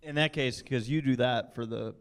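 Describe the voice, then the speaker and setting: A man's voice: mid-range voice, moderate pace, clean tone. A man moderating a convention panel, chatty and upbeat, with many fillers.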